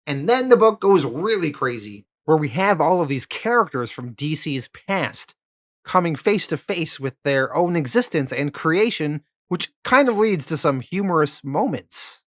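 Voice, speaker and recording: A man narrating a comic book story recap and then giving his review, in a casual, relaxed way with occasional filler words. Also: fairly high pitch.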